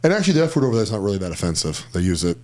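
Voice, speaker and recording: Guy telling stories on a podcast, talks quick and bouncy, pitch all over the place, keeps laughing mid-sentence. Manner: animated storyteller who acts out other people's lines. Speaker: podcast guest. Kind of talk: casual storytelling chat.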